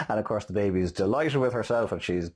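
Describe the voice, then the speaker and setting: A man hosting a motivational talk on selling, telling stories quickly with many fillers and restarts. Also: lowish voice, darkish tone. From Ireland. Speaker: host and sales motivational speaker. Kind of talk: casual motivational talk with anecdotes.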